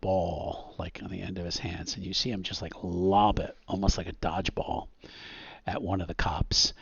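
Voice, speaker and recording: Low gravelly man running a tabletop game. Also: no echo. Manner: relaxed, filler-heavy narration, pops into quick character voices. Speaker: game master. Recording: dull lo-fi sound, dry.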